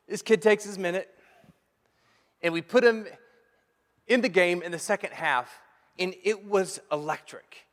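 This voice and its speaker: A man in his thirties, a pastor preaching a sermon, telling a funny story in an animated, jokey way. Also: high voice, normal speed, pauses often. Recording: long hall reverb.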